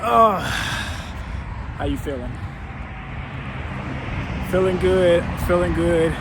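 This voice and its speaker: This casual, unscripted workout vlog comes from a chatty, easygoing man whose voice runs a little high and who muses aloud as he talks. There's no external microphone, just the camera's built-in one, and the surroundings are noisy.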